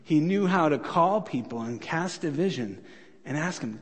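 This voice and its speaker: A male pastor delivers a sermon from the pulpit in a relaxed, conversational way, with frequent rhetorical questions. His voice sits high for a man. A long church reverb trails behind him. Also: normal speed, slightly rough. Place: church sanctuary.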